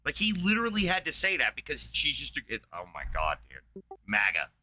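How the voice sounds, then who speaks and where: A man's voice: fairly high pitch, wildly swooping pitch, a little fast, sharp tone, rough recording. A man hosting a podcast, ranting angrily as he reacts to a debate, exasperated and swearing heavily. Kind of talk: profane angry rant.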